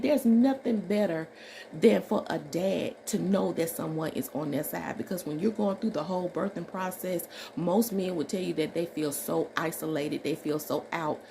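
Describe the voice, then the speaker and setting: A woman from Alabama, a registered nurse, telling a workplace story in an animated, emphatic way and acting out the dialogue. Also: lowish voice, creaky, a little hiss or hum. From Alabama, USA. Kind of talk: storytime vlog.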